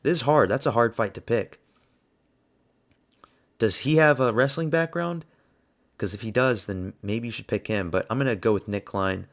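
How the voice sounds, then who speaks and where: A man's voice: medium pitch, normal speed, long pauses. A man hosting his own channel, talking through casual fight predictions in a blunt, rambling way, thinking aloud as he goes. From United States. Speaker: host.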